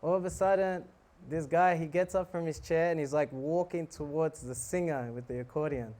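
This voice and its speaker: A monk preaching who tells a lively story, acting out scenes and laughing. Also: male voice, fairly high pitch, normal speed. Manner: animated, laughing, acts out scenes. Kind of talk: storytelling sermon.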